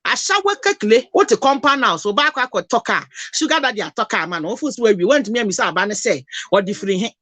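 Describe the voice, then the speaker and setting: A woman's voice: medium pitch, animated, fast, few pauses, fairly bright tone, no room sound. A Ghanaian woman talking passionately, mixing Twi and English in an emotional, preachy lecture. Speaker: host.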